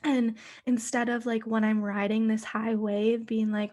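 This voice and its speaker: A woman hosting her own podcast, talking casually on her own, full of fillers and swearing, and sometimes dropping to a soft whisper. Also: fairly high pitch, little pitch movement, a little slow. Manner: chatty, many fillers, frequent swearing. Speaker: podcast host. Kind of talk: casual solo podcast monologue.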